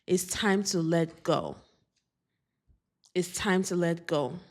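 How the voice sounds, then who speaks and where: A woman's voice: lowish voice, a little mellow. A woman doing a spiritual oracle card reading, speaking earnestly and repeating affirmations. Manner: slow, repetitive, earnest affirmations.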